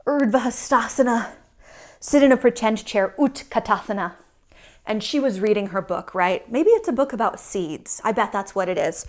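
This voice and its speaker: Her mid-range voice keeps a moderate pace as she leads young children through yoga. She's from Michigan and stays animated and playful with the kids.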